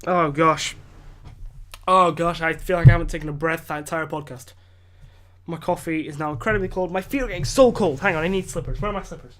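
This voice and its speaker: A man's voice: fairly high pitch, fairly quick, fairly bright tone. A tired Scottish man hosting a podcast, ranting casually and rambling with many fillers and restarts from home. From Scotland. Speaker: podcast host. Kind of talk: casual solo rant.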